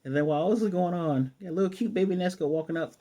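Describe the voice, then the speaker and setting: An anime reviewer with a high-pitched voice talks very fast as he casually recaps an episode. He retells scenes excitedly, full of fillers and restarts.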